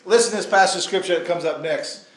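A man's voice: high voice, fast talker, echoey room. A man preaching a sermon in a conversational way, with asides to the congregation. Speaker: pastor. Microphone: handheld or stand mic.

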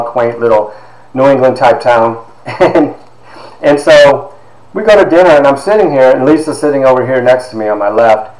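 A man, a university instructor, telling stories from his life to his class, lively and sometimes dropping into hushed asides. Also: medium pitch, gravelly, roomy sound, low-quality recording. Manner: animated storyteller, drops to hushed asides. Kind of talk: storytelling lecture to a class.

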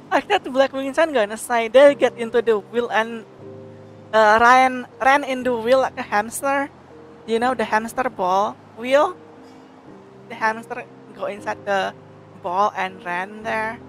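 A woman's voice: a little high, soft background music. Giggly woman streamer. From Indonesia. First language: Indonesian. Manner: giggly, halting English. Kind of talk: casual commentary while reading a game.

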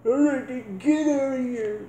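A gruff, hard-drinking country dad blusters in a folksy drawl, as a man puts him on. His voice is dark and mellow, and his speech drags slowly. The room rings with a noticeable echo. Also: extremely high pitch, slight background noise, pitched above the performer's own voice. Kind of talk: comedic sketch acting. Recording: roomy echo.

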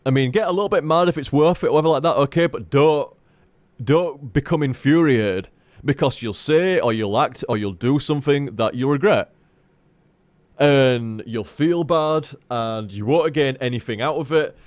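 A man chatting to his stream viewers in a frank, rambling way, with plenty of swearing and restarts. His voice sits at an average pitch and comes through a dry, close mic with no room sound. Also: moderate pace, a little mellow, dry recording. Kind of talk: casual live-stream chat.

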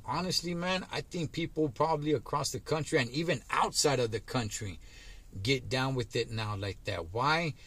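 A man's voice: medium pitch, fairly bright tone. A middle-aged man, vlogging casually about his views, peppering his talk with "man," "dog" and "homie.". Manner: laid-back street slang, frequent "man" and "dog". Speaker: trucker vlogger. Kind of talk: casual monologue to camera.

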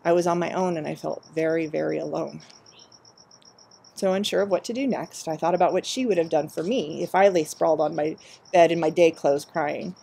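Brief: woman storyteller, measured reflective reading, gravelly low-set voice. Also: warm tone. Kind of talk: reading a personal story aloud.

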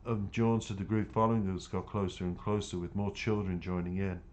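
A man's voice: low-pitched, flat delivery, fairly quick, a little mellow, muffled recording. A man reading a novel aloud as a first-person narrator, in an earnest, plain storytelling manner. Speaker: audiobook narrator.

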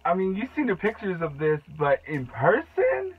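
Young man, beauty vlogger, excitable, gushing, lively swinging pitch, dull lo-fi sound. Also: moderate pace, slightly rough. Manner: excitable, gushing, with gasps and shouts. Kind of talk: casual unboxing vlog.

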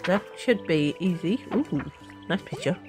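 A woman streaming a video game, chatting to her viewers in an excitable, playful way. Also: fairly low pitch, measured pace, music in the background. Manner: excitable, talks to viewers, squeals and laughs. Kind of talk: casual let's-play commentary.

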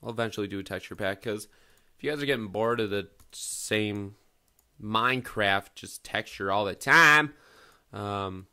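A man with a bright, forward voice talks loosely over his gameplay in casual let's-play commentary. He rambles from one thought to the next, swears freely and pokes fun at himself. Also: on the low side, normal speed, smooth. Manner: rambling, profane, self-mocking. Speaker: gaming video host.

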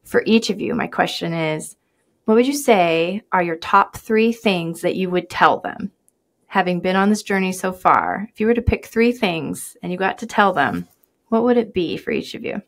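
A woman's voice: lowish voice, lively intonation, moderate pace. A woman podcast host asking long, rambling questions in casual chat. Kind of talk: casual interview hosting.

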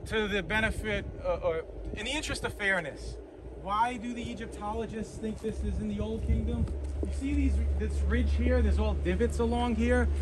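A man with a Boston accent leading an outdoor walking tour, explaining sites in an animated, persuasive way. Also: high voice. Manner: animated, persuasive, points things out on site. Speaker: tour guide and host. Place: outdoors at an ancient site. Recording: outdoor traffic noise behind.

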